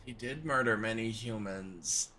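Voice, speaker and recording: A man's voice: lowish voice, measured pace, sharp tone, a little hiss or hum. A young man chatting easily as he plays a video game. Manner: easygoing, amused. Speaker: player streaming a game. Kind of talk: casual chat over gameplay.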